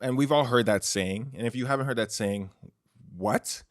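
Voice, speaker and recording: A man's voice: medium pitch, a little fast, dry recording, studio quality. A man hosting his own podcast in a loose, chatty monologue, full of "like" and "you know". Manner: chatty, heavy use of "like" and "you know", restarts. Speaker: podcast host. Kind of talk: casual solo podcast monologue. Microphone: close studio microphone.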